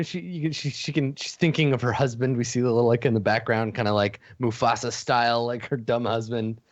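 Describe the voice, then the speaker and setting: A man's voice: mid-range voice, steady tone, brisk, hardly any pauses, no echo, dull audio. A man narrating as game master of a tabletop game, casual and profane, with frequent restarts.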